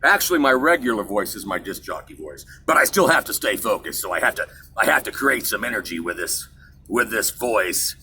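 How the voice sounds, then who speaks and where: A man's voice: fairly low pitch, big pitch swings, fairly quick, sharp tone, a little hiss or hum. A middle-aged man from Kansas hosting his own show, rambling through a story in a digressive, self-mocking way. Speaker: show host. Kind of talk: casual rambling monologue.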